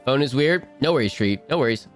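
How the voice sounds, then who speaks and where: A man's voice: mid-range voice, expressive, fairly quick, faint music behind. A man streaming a game live, chatting casually and bubbly, rambling and restarting his sentences.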